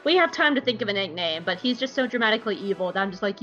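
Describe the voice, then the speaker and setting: A woman's voice: lowish voice, very animated, fast, hardly any pauses, sharp tone, highs cut off, soft background music. A young woman recapping an episode in a chatty, irreverent way, swearing freely. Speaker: show recapper.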